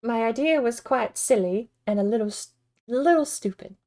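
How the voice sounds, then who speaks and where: Woman game streamer, casual rambling commentary, self-deprecating, warm and slightly high voice. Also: normal speed.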